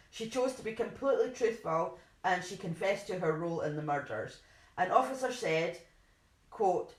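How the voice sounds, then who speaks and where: Woman, podcast co-host, chatty and self-deprecating, roomy home recording. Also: fairly low pitch. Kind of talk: casual chat, reading case notes.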